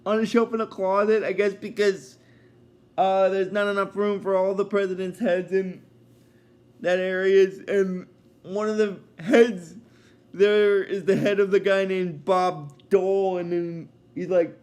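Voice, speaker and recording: A man retells a cartoon episode at a slow, meandering pace, full of fillers. His voice sits high for a man and stays casual throughout. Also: flat delivery, a little mellow. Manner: rambling, many fillers, chuckling asides. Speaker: episode reviewer.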